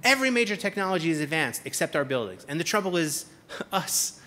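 A man's voice: a little high, sing-song, fairly quick, pushed and bright. A man giving a comedic keynote speech on a conference stage, with a sarcastic, punchy delivery and repeated punchlines. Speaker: keynote speaker.

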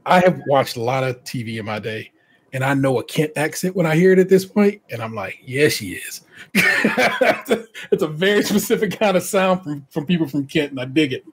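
Husky-voiced man hosting a podcast. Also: on the high side, expressive, normal speed. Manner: reads contestant bios with chatty asides and laughs. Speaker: podcast host. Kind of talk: casual podcast chat.

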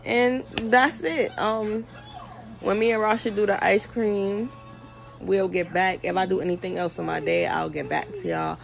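Young woman, home vlog, slow drawl, gravelly voice, faint music behind. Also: mid-range voice. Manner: relaxed, chatty, drawling with fillers. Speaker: vlogger, mother. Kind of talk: casual vlog chat. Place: home, indoors.

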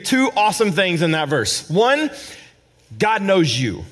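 A male pastor delivering a sermon with a high, lively voice that climbs and plunges. He moves between ringing emphasis and quiet, low asides. Now and then he repeats a word as he feels for the next phrase. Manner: dramatic preaching, swinging between loud emphasis and hushed, low asides; repeats words when searching for phrasing. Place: church service with a responding congregation.

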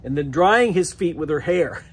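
Husky-voiced American pastor preaching. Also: male voice, on the high side, animated, measured pace. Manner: conversational, chuckles often between phrases. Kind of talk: sermon. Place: church sanctuary.

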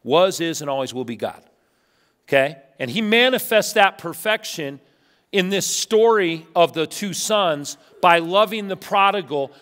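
A middle-aged man preaches in a church sanctuary, his voice sitting high for a man. He tells stories with lively energy and slips into the voices of the people he quotes. The sound carries a long hall reverb. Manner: animated storytelling, acts out quotes. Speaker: pastor. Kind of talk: sermon.

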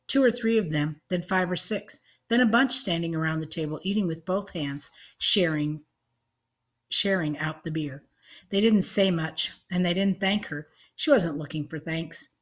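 A woman reading an audiobook, narrating with measured storytelling. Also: on the low side.

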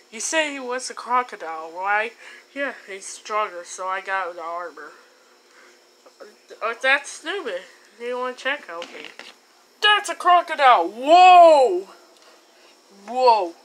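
A woman voicing every character in a homemade comedy skit, mumbling some lines and shouting others. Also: high voice, slight background noise. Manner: switches between mumbling lines and sudden shouting. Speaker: amateur puppet-movie maker voicing all characters.

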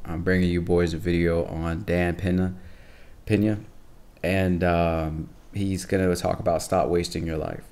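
A tired, low-energy young man introduces his channel in a casual video, talking laid-back to viewers with lots of fillers. His voice is low-pitched, level, a little mellow, and unhurried.

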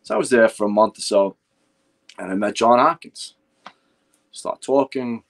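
An older man with a New York accent telling animated, profane stories of his firefighting days, acting out what others said. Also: fairly low pitch, moderate pace. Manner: profane, animated anecdotes with acted-out quotes. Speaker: guest, retired fire lieutenant. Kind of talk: casual storytelling chat.

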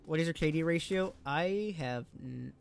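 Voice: medium pitch, normal speed, gravelly, smooth, faint music behind. A game streamer chatting casually on a live stream, rambling, giggling and tripping over words.

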